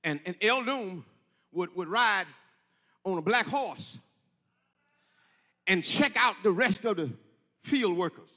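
A male pastor preaching a sermon, telling stories and rising into shouted, sing-song peaks. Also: sits high, lively intonation, slow pace, pauses often. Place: church sanctuary. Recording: echoey church hall.

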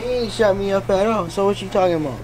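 A man's voice: high-pitched, quick pace. A man in casual banter, defensive and joking as he protests his friends' teasing. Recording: noisy background.

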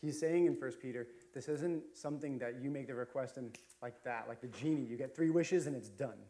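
A man's voice: medium pitch, a little fast, dark tone. A man preaching a sermon as a pastor, chatty and storytelling, with frequent fillers and restarts. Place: church sanctuary.

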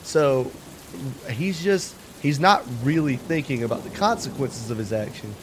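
A man playing in a tabletop game, explaining his character's motives in rambling, animated casual chat. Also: medium pitch, a little slow, noisy background. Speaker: player.

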